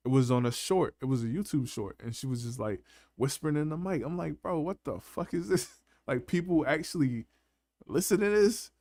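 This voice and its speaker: A man's voice: mid-range voice, fairly quick, warm tone, no room sound, studio quality. A man hosting a casual live panel chat, laughing often and talking in loose, slangy banter. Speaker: panel host.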